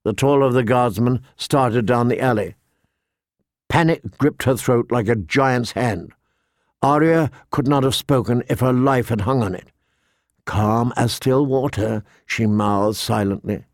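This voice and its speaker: A man reading a fantasy novel aloud as narrator, steady and shifting pace with the action. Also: mid-range voice, measured pace, dry recording, clean studio sound. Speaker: audiobook narrator. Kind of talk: scripted narration.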